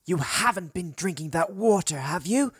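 A man's voice: sits high, lively intonation, moderate pace, husky, dry recording, clean studio sound, voice pushed up. A man reading an audiobook, voicing an anxious young boy who coaxes and reassures smaller children. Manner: urgent, coaxing.

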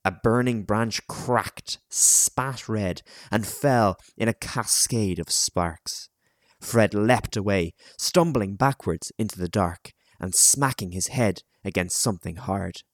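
Deep, slow male audiobook narrator. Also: no echo, studio quality. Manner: measured, dramatic storytelling.

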